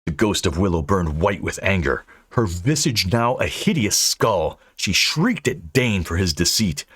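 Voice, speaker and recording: A man's voice: deep voice, big pitch swings, measured pace, a bit bright, husky, no room sound. A man narrating a fantasy audiobook with dry, snarky humor.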